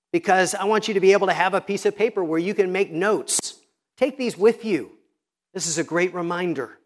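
Pastor, male, high-pitched, measured expository preaching with dramatic pauses on quotes. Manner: expository preaching, quoting scripture with emphatic pauses. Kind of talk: sermon.

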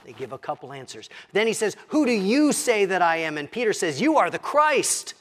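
A man preaching a sermon as pastor, slowing down and dropping to a hush when quoting scripture. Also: sits high. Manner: expressive, slows and drops to a hush for quoted scripture.

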